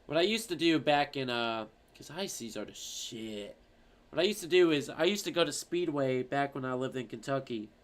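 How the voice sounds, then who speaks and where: A man streaming, chatting casually and reading out viewer comments in an animated, rambling, profane way. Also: mid-range voice, normal speed.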